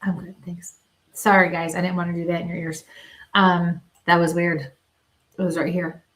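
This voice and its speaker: A woman working as a medium, giving live psychic readings and talking haltingly with many pauses and small laughs. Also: fairly low pitch, level tone.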